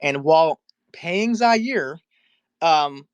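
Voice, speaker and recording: Measured, analytical man with higher voice. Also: expressive, smooth, no room sound, dull audio. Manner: measured and analytical, with soft fillers. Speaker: caller, fan content creator. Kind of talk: casual call-in discussion.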